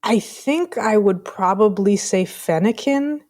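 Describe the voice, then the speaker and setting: A woman's voice: mid-range voice, expressive, takes it slowly, darkish tone. Playful woman podcast co-host. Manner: playful, laughing, swears casually. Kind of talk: casual chat.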